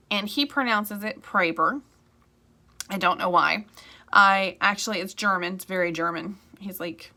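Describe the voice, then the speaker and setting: A woman's voice: fairly low pitch, sharp tone. A woman real estate agent talking casually to camera, chatty and rambling, with frequent asides.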